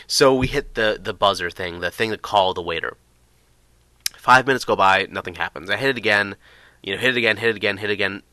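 A man casually telling a long personal story to the camera, rambling with lots of fillers and restarts, getting excited as he goes. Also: fairly low pitch, fast talker, no echo.

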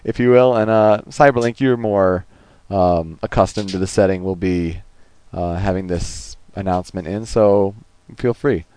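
A man's voice: low voice, unhurried, smooth. A man co-hosting a casual gaming podcast, rambling along with plenty of ums and uhs. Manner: relaxed, rambling with many fillers. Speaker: podcast co-host.

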